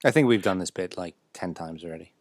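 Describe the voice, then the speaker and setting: A man with a fairly low voice hosting a casual podcast, dry and a bit grumbly in his replies. The recording is close and dry. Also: quick pace, dry recording. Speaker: podcast host.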